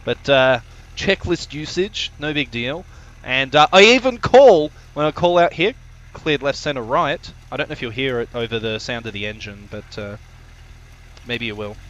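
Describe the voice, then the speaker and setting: A man's voice: medium pitch, moderate pace, a bit bright, muffled recording. A man casually commentating his own flight video on a live stream, joking, swearing and rambling with lots of fillers.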